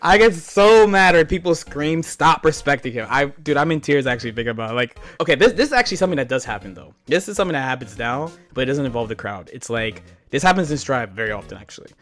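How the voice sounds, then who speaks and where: A man streaming, telling stories in animated, profane casual chat with frequent laughs. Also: medium pitch, fast, hardly any pauses, soft background music. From United States. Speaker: streamer reacting to a video.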